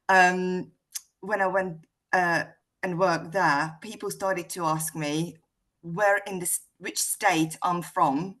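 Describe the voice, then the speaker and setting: A woman from Hungary speaks with a mostly British accent, a little South African in it. Her voice sits low for a woman, and she tells her story in a relaxed, chatty way with plenty of ums. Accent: Hungarian-born, mixed British and South African. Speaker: guest speaker. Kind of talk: casual conversation on a video call.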